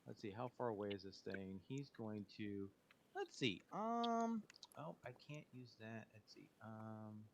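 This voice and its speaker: Male player, mid-pitched, halting think-aloud delivery, light background noise. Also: expressive, gravelly. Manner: thinks aloud, hesitant with many pauses. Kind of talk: playing a tabletop game over voice chat.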